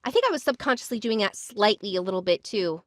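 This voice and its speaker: A woman's voice: medium pitch, lively intonation, fast talker, no echo, studio quality. A woman co-hosting a podcast in easygoing chat, agreeing readily. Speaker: podcast co-host.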